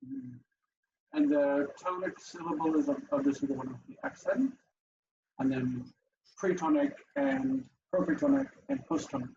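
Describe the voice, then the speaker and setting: A man teaching a class over a video call, lively and explaining step by step with many fillers, heard through dull, lo-fi call audio. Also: high-pitched, normal speed, gravelly, a little hiss or hum.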